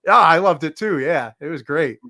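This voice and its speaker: A man's voice: on the high side, lively intonation, normal speed, pushed and bright, no echo. Easygoing male podcast host, dry sound. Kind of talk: casual chat.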